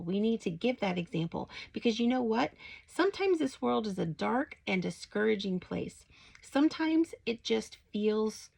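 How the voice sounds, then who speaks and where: A woman's voice: fairly high pitch, vocal fry, poor audio. A middle-aged woman telling a personal story in a chatty, casual way, with many fillers, and turning it into a devotional message. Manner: chatty, with frequent fillers and rising excitement when retelling greetings. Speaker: Christian faith vlogger.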